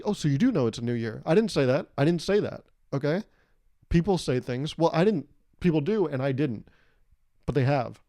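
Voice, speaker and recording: Mellow-voiced man hosting a rambling podcast. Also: medium pitch, no room sound, clean studio sound. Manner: rambling, profane, self-mocking, argues with himself. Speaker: podcast host. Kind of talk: solo comedic podcast monologue.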